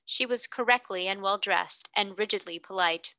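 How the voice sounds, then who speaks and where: A woman narrating a classic novel aloud in a clear, steady storytelling manner. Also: medium pitch, normal speed, few pauses, dry recording. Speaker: reader. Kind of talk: audiobook narration.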